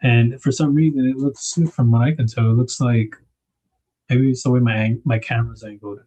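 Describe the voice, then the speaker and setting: A man's voice: medium pitch, fairly even intonation, moderate pace, dark tone, rough recording. A man hosting a knife livestream, chatting casually and rambling as he unboxes gear. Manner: laid-back, rambling, thinks aloud with fillers.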